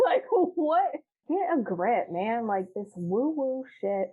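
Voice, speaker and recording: A woman's voice: on the high side, big pitch swings, slow pace. A woman chatting candidly as a podcast guest, frank and profane, laughing often and acting out her past self. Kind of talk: candid casual chat. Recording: tinny phone-like line.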